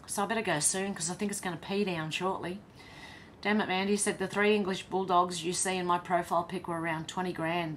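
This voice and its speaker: A woman's voice: on the low side, a bit bright, a little hiss or hum. An Australian woman hosting a casual livestream, reading viewers' comments aloud and chatting back to them. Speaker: livestream host reading chat.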